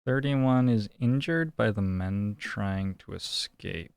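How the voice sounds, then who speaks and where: A man's voice: on the low side, slow, vocal fry, clear, resonant tone, dry recording. A young man streaming a detective game, musing and thinking aloud in casual commentary.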